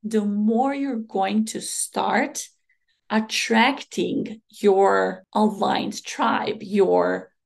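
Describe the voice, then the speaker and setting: A woman hosting a solo podcast, speaking in a hoarse voice with a slow, reflective, motivational manner. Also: mid-range voice, steady tone. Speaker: podcast host.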